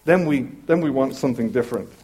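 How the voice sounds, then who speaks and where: A man preaching a sermon, telling a story in an animated way and acting out the voices of the people in it. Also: mid-range voice, quick pace, breathy edge. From Southern California. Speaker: pastor.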